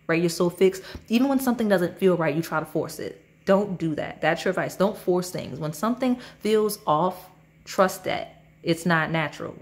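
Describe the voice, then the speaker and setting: A woman giving a casual pick-a-card tarot reading, talking straight to her viewers in a chatty, rambling way. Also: on the low side. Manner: chatty and rambling, many fillers and asides. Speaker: tarot reader.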